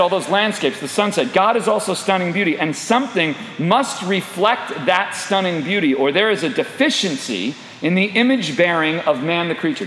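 A man's voice: high voice, slight background noise. A middle-aged man preaching a sermon, often asking the listeners questions. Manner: animated, asks the audience questions. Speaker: pastor. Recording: echoey hall with long reverb.

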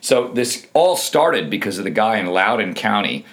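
A low-pitched man talking through an opinion segment. He is emphatic and scornful, leaning hard on key words as he reads out quotes and adds his own remarks. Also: big pitch swings, normal speed, a bit bright. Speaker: political commentator. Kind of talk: opinion commentary monologue.

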